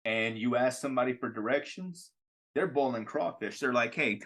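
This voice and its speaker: A young man with a Louisiana Cajun accent rambles through stories in a casual podcast chat. His voice is bright and forceful, and he breaks into laughter often. He sits at a middle pitch for a man. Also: moderate pace. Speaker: podcast host.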